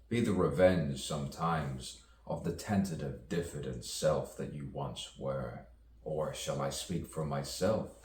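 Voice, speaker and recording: Man, extremely deep voice, slow rhythmic poetic monologue, repetitive wordplay, echoey room, distant mic. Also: darkish tone. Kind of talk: spoken-word poetic monologue.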